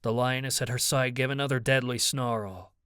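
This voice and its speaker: Smooth-voiced male audiobook narrator. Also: mid-range voice, steady tone, moderate pace, a bit bright, dry recording, clean studio sound. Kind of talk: first-person scripted narration.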